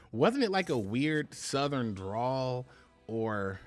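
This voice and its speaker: A man commentating live on his own card game play, chatty and laughing, talking to his viewers. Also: mid-range voice. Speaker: game streamer.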